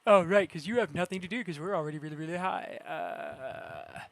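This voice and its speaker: A man talking through his own strategy game in loose, unscripted commentary. He bursts into excited shouts and laughter, swears at the computer players, then drops back into tired mumbling. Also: high-pitched, very fast, no room sound. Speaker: gamer. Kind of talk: let's-play commentary.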